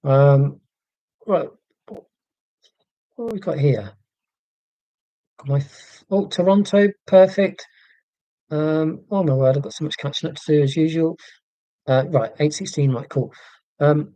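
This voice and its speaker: A man rambles through a casual live stream, self-deprecating and often restarting his sentences. His voice is warm and mellow, recorded dry and close on a laptop mic at home. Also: a little high, measured pace, long pauses, dry recording. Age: 40s. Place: indoors at home. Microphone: laptop microphone.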